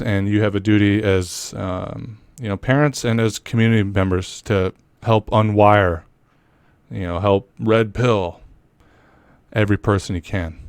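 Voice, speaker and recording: A man's voice: fairly low pitch, darkish tone, clean tone, no room sound. Male commentary host, heated and profane. Dry, close recording. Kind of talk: angry political commentary.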